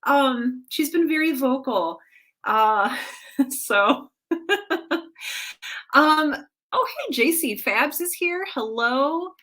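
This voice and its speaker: A woman's voice: sits high, animated, very slow, long pauses, sharp tone. A woman hosting a casual livestream from home, chatting and greeting viewers by name one after another. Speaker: livestream host. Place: at home with her cat.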